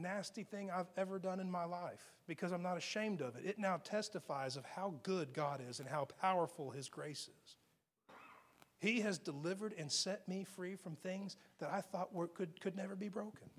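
A man preaching a sermon as pastor, moving between loud emphatic lines and quiet, hushed ones. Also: sits high, moderate pace.

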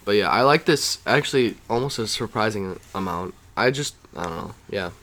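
A man co-hosting a casual podcast chat, dry and quick to correct the others. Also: on the low side, animated, a bit bright. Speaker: podcast co-host.

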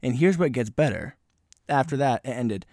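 A man's voice: mid-range voice, lively intonation, moderate pace, a little mellow, no room sound, studio quality. A young man co-hosting a podcast, telling stories in a loose, casual way, laughing often and slipping into comic voices for strangers. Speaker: podcast co-host. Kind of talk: casual chat, storytelling.

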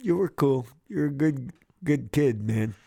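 Profane, laughing radio host. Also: male voice, mid-range voice, expressive, unhurried, creaky, dark tone, slightly rough. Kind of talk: casual chat.

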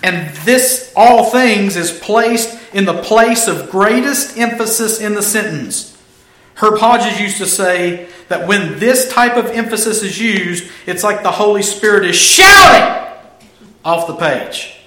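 A man with a high, bright voice preaches a sermon, hammering home and repeating his key phrases. The recording has an echoey room sound. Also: a little slow.

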